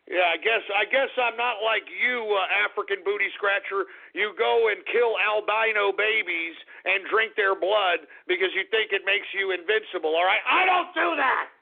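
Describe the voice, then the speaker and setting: A man hosting a rowdy call-in radio show, shouting profane rants at callers while he drinks. His voice sits high and has a gravelly edge. It comes through a thin, phone-like radio stream. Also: normal speed, few pauses. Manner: loud, profane, insulting rants. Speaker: radio host.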